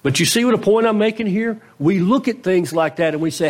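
A man preaching a sermon in a conversational style, posing rhetorical questions to the congregation, his pitch swinging between raised and low. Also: brisk, few pauses. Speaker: pastor.

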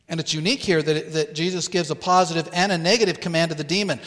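Earnest pastor preaching in a reverberant church. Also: male voice, fairly high pitch, steady tone, fairly bright tone. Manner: earnest, deliberate preaching with emphatic pauses. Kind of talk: sermon. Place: church sanctuary.

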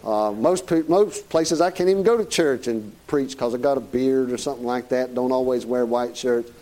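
A man's voice: mid-range voice, normal speed, warm tone. A middle-aged man with a Southern US accent preaching a sermon in a folksy, joking way, chuckling as he goes. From Southern United States.

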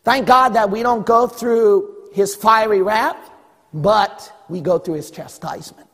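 A man's voice: sits high, a little slow, fairly bright tone, big-room sound. A man preaching a sermon as pastor, emphatic, full of rhetorical questions and acted-out quotes.

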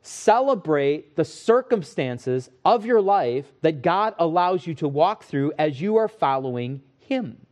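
Pastor guy preaching, kinda high voice, earnest, slows down to hit the big lines, folksy asides. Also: very animated, darkish tone. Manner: earnest, emphatic preaching with slow stressed phrases; folksy asides and self-corrections. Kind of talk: sermon.

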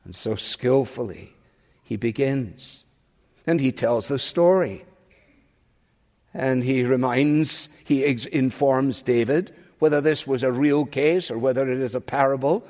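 Man preaching, mid pitch, big swings from loud to quiet, long hall echo. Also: measured pace. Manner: emphatic, swinging between loud rises and soft drops. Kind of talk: expository sermon.

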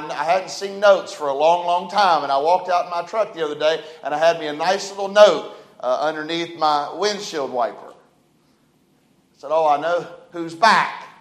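A man preaching a sermon, his voice sitting high for a man. He talks in a folksy way, rising loud and falling quiet. The sound rings around a roomy church sanctuary. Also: normal speed. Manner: folksy, dynamic preaching with big swings in loudness. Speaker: pastor. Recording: echoey church room.

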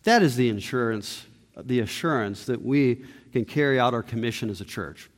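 A man preaching a sermon as pastor, emphatic, rising to loud peaks and dropping to hushed low lines. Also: animated, moderate pace. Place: church sanctuary. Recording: long reverb of a church hall.

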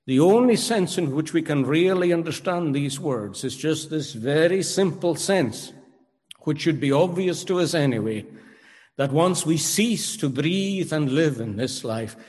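A man preaching a sermon, emphatic and rhetorical, pausing dramatically and questioning his listeners. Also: fairly high pitch, lively intonation, a little mellow. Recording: long hall reverb.

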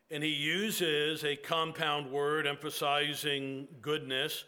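A male preacher delivers a sermon in a slow, deliberate cadence, pausing often to let his words settle. His voice is bright and set a little high, and his tone stays earnest and reflective. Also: little pitch movement.

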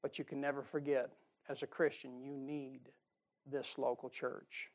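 A man's voice: medium pitch, flat delivery, a little slow. Folksy, joking male pastor preaching a sermon. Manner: folksy and joking, swinging between loud emphasis and quiet asides. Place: church sanctuary.

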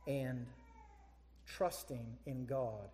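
A man preaching a sermon, animated, firing rhetorical questions at his congregation. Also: medium pitch, drawn-out words. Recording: echoey hall.

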